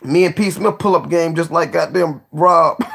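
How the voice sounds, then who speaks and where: Gravelly, laughing man giving shout-outs. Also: on the high side, measured pace. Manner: profane, joking, laughs often. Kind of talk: casual rambling shout-outs to viewers.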